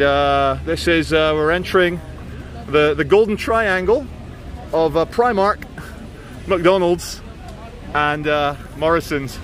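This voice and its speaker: A man's voice: fairly high pitch, background noise. A man vlogging outdoors on city streets, giving joking running commentary and chatting with passersby.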